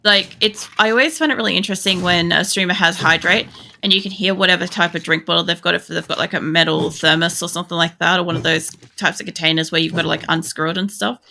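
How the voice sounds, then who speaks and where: A woman's voice: lowish voice, fairly even intonation, fast, vocal fry, bright, forceful tone, a little hiss or hum. A woman chatting casually and swearing freely while streaming a game. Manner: rambling and sweary, lots of fillers. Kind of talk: casual chat while gaming.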